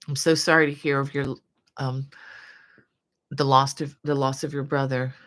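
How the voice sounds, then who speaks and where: A woman's voice: rumbling low, level tone, normal speed, fairly bright tone. A woman in her fifties from the United States, a crochet channel host chatting casually on a live stream, reading viewer comments aloud with many fillers.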